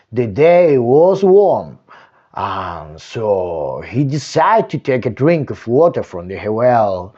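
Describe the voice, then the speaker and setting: A man reading a children's bedtime story aloud, slow and expressive with dramatic pauses, into a desktop microphone. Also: medium pitch, dull audio. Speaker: storytime reader.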